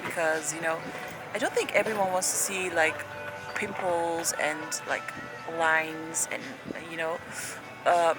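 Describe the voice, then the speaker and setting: A woman's voice: on the low side, rough recording. A young woman with a Dutch accent, chatting casually in a travel vlog outdoors in a city, full of fillers and giggles. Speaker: vlogger. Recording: music playing over the voice.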